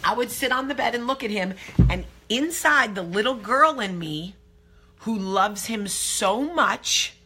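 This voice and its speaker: A woman hosting her own vlog, telling a candid story to camera in a brash, profane, animated way. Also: fairly high pitch, unhurried, a little hiss or hum. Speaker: vlog host.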